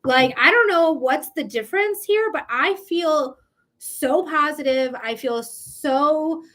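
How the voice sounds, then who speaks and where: A woman's voice: sits high, slow, fairly bright tone. A woman hosting a live tarot reading, chatty and emphatic, who swears casually. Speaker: psychic reader, livestream host.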